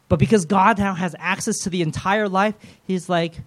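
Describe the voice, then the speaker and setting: A male preacher with a somewhat high voice delivers his sermon conversationally. He acts out prayers and quoted lines in shifting voices. He mixes in self-aware, humorous asides. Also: fairly even intonation, fairly quick.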